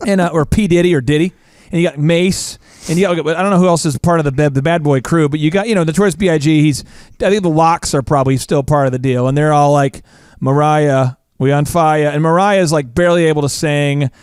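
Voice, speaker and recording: A middle-aged man with a fairly high voice tells stories on a podcast, animated and self-mocking, full of jokes at his own expense. The sound is dry and close, with no room around it. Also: fast, smooth, dry recording. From Oklahoma. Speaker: podcast host. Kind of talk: casual chat.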